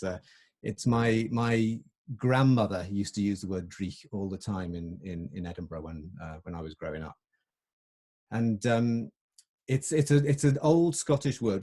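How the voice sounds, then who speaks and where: Low, husky man giving a reflective talk. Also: warm tone. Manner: reflective, with frequent restarts. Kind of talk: presentation talk.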